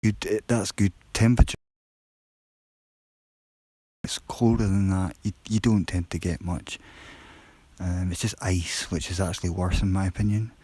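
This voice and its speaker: Deep-voiced man chatting quietly. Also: fairly even intonation, normal speed, long pauses, husky, dry recording, poor audio. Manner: rambling, chatty, self-deprecating; talking quietly. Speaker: livestreamer on a work break. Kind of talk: casual live-stream chat to viewers.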